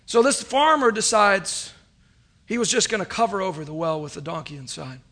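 A man's voice: high voice, normal speed, pushed and bright. A man preaching a sermon to a congregation, telling a story and asking them questions. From United States. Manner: preacherly, rising and falling, asks the congregation questions. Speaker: pastor.

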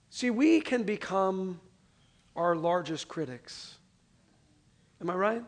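A man with a high voice preaches a sermon to his congregation. He talks like a friend, asks the room to repeat lines after him, and swings from loud, pressing emphasis to hushed, quiet lines. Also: measured pace, long pauses. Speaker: pastor.

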